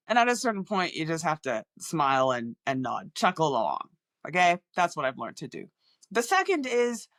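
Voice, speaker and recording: A woman with an international accent that is often mistaken for American talks to camera as a communication coach. Her pitch swings widely, and she acts out patients' remarks in voices. The sound is dry and close to the mic. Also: sing-song, brisk, a bit bright, no room sound. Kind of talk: direct-to-camera talk.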